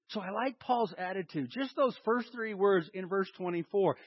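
Man, pastor, sermon, high voice, emphatic then hushed, call and response, somewhat muffled recording. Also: a little fast, hardly any pauses, no echo. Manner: dynamic preaching with big swings in loudness and emphasis; leads the congregation in call and response. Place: church hall with a congregation.

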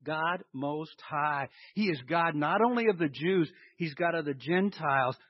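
High-voiced man preaching a lively sermon. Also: normal speed, no echo. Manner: animated, asks the congregation questions and answers them. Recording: dull lo-fi recording.

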